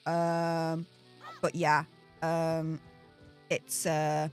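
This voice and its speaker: A woman with a Yorkshire accent who hosts the channel. She chats excitedly about politics while playing a video game and laughs often. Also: low voice, extremely slow, faint music behind. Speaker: channel host. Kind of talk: casual gaming commentary with political chat.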